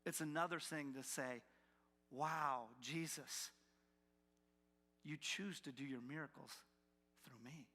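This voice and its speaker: A man preaching a sermon as pastor, animated, acting out the doubting voices of the people he describes. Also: a little high, slow pace, long pauses. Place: church sanctuary. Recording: long hall reverb from a church.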